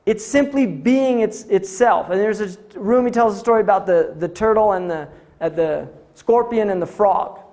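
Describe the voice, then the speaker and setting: A man with a notably high speaking voice delivers a religious lecture to a live audience. He explains terms patiently, recites short scripture passages, and drops into casual asides and rhetorical questions as he teaches. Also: moderate pace, a little mellow.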